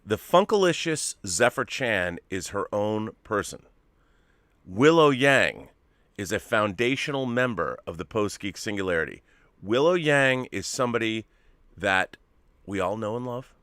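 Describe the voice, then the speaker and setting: A man with a low, forceful, bright voice, co-hosting a casual live stream. He talks in an animated, emphatic way and swears freely. The sound is dry and close. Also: no room sound. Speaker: co-host.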